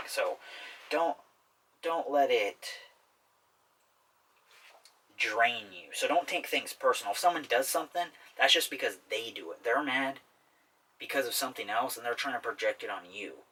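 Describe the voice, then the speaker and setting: A man's voice: medium pitch, animated, normal speed, bright, forceful tone, breathy edge, far from the mic, poor audio. A man hosting a self-help talk in a casual explainer style, often checking in with "okay?". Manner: repetitive, keeps asking "okay?". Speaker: self-help video host.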